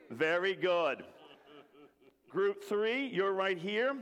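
A man's voice: a little high, expressive, moderate pace, a bit bright. A man preaching a playful sermon, joking with the congregation and leading them in call-and-response. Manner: jokey, leads the crowd in call-and-response. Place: church hall with an audience. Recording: long reverb of a large hall.

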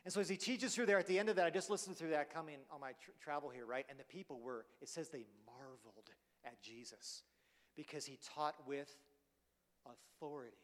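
A man's voice: a little high, fairly quick, fairly bright tone. A man preaching a sermon in a conversational way, often checking in with "right?", his voice carried by the long reverb of a large church hall.

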